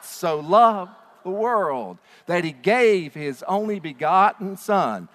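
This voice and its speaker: Emphatic high-voiced preacher in a big hall. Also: male voice. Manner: emphatic, animated preaching with rhetorical questions to the congregation. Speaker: pastor. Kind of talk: sermon. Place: church sanctuary. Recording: long reverb of a large hall.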